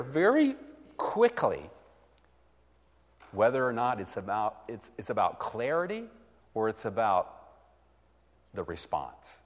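A man's voice: a little high, in a large hall. A man preaching a teaching sermon, acting out both sides of a conversation.

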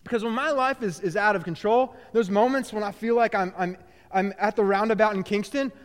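A man preaching a sermon, animated, with loud bursts that drop to quiet low phrases and frequent restarts. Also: a little fast, in a large hall. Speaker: pastor.

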